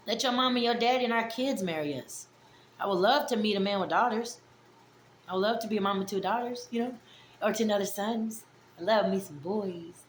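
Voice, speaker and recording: A woman's voice: on the high side, a little fast, echoey room, slight background noise. A woman in her forties talking candidly and affectionately to her viewers in a rambling, heartfelt vlog. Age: 40s. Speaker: vlogger. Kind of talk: casual heartfelt vlog monologue.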